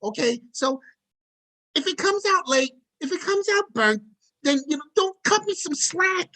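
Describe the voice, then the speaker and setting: Performer voicing a whiny drink-chef: high, slow, self-pitying. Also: animated, bright, forceful tone, exaggerated voice. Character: sad talking drink turned chef.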